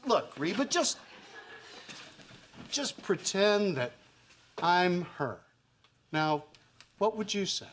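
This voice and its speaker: A man's voice: sits high, sing-song, slow pace, pauses often, a bit bright, a little hiss or hum. A man playing a placating, flustered sitcom character. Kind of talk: sitcom acting.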